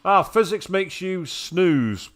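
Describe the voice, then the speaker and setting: A man's voice: high-pitched, lively intonation, takes it slowly, a bit bright, a little hiss or hum. An English man giving casual, sarcastic commentary while playing a video game and reading its text aloud. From England. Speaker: let's play gamer.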